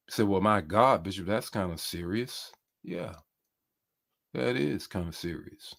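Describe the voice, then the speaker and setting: A man's voice: low voice, measured pace, creaky, fairly bright tone. A bishop preaching a sermon with passion, repeating his key phrases and reading out comments from listeners. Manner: impassioned, repeats phrases, reads comments aloud.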